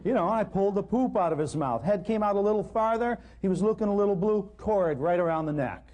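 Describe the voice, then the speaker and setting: A man speaking to a live audience in a slightly high but mellow voice. He tells wry, self-deprecating anecdotes in a relaxed storytelling way. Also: fast. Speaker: natural healing lecturer. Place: live talk in front of an audience.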